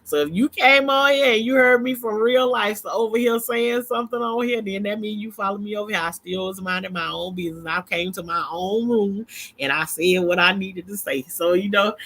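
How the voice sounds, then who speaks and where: Bright-voiced chatty woman vlogger. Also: medium pitch. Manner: chatty, rambling, laughs often. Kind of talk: casual talk to camera.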